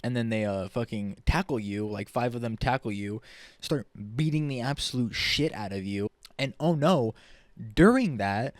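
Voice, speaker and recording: A man's voice: medium pitch, dry recording. A man ranting heatedly in a dry room. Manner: heated, profane, repetitive. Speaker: vlogger. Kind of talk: angry political rant to camera.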